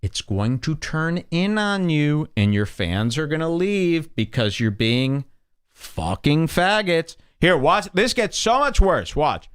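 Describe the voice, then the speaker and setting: A man's voice: a little high, very animated, slow pace, clean tone. Heated male podcast host ranting. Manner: heated, emphatic, scornful. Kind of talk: ranting commentary on clips.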